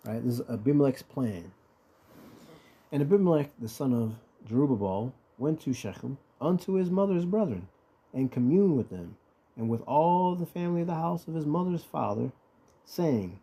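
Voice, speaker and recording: A man's voice: mid-range voice, lively intonation, normal speed, dark tone, slightly rough. A man teaching scripture in a loose, conversational way, reading verses and often checking in with the listener. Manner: conversational, keeps checking in with "right?". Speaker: Bible teacher.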